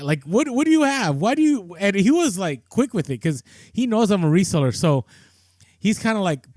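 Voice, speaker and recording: A man with a high, slightly mellow voice and no room sound co-hosts a podcast, telling a story in a loose, chatty way. His casual storytelling is full of fillers and restarts.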